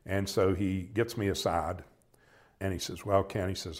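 An older American man telling a personal story in a reflective, halting way, often quoting conversations. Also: sits low, fairly even intonation. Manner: reflective, halting, with many restarts and quoted dialogue.

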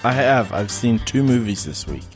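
A man's voice: medium pitch, lively intonation, normal speed, music in the background. A man from the Midwest co-hosting a casual film podcast, talking hesitantly with lots of ums and easy laughs. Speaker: podcast co-host.

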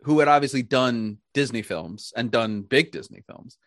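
An American podcast host in casual chat, animated, laughing often and restarting sentences. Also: medium pitch, normal speed, dry recording, studio quality. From United States.

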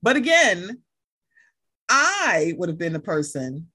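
A woman co-hosting a casual chat, talking in an animated, profane way and acting out heated rants. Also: fairly low pitch, slow pace, breathy edge.

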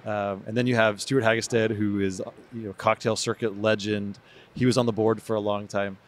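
Low-voiced, upbeat podcast host man. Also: little pitch movement, slight background noise. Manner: upbeat, chatty, quick to laugh. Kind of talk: casual podcast chat.

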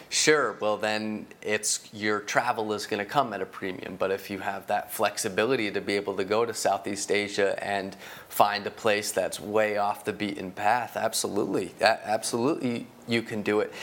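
A man's voice: lowish voice, fairly bright tone. A man hosting a podcast, talking casually and often repeating and restarting his words. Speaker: podcast host. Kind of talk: casual interview talk.

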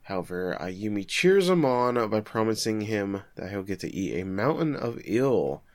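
A man in his thirties co-hosting a casual podcast, retelling a story with animated quick acted-out quotes. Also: on the low side, no echo, clean studio sound. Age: 30s. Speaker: podcast co-host.

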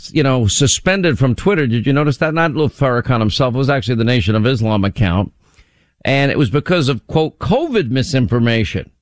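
A man hosting a talk radio show, delivering brisk, emphatic, rhetorical commentary from a studio microphone. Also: medium pitch, no room sound.

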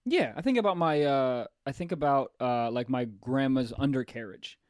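A young man hosting a casual podcast chat, crude, excitable and joking. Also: medium pitch, normal speed, dry recording, clean studio sound. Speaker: podcast host.

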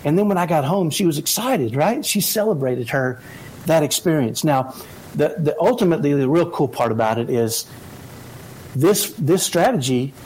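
A man giving parenting advice in an energetic motivational talk, often checking in with "right?". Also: on the high side, moderate pace, slightly rough, poor audio. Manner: energetic, keeps asking "right?".

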